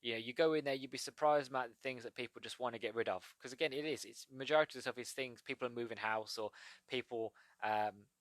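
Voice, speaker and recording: A man's voice: medium pitch, fast, fairly bright tone, dry recording. A man with a British accent hosting his own podcast, chatting in a rambling, digressive way. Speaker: podcast host. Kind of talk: casual solo podcast monologue.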